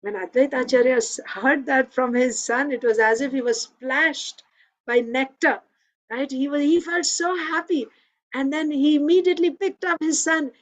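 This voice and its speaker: A woman with a somewhat high voice tells a devotional story at a scripture class. She talks conversationally and leans often on small fillers. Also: moderate pace, rough recording. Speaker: speaker giving a scripture class.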